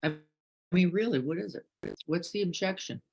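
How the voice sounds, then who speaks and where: A woman meditation teacher giving a reflective dharma talk, asking many questions and moving between hushed and emphatic moments. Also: fairly low pitch, normal speed. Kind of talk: reflective dharma talk, reading participant comments.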